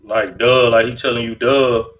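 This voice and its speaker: A man hosting a casual interview, asking loose, relaxed follow-up questions. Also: medium pitch, moderate pace, distant mic, low-quality recording. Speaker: podcast host, interviewer.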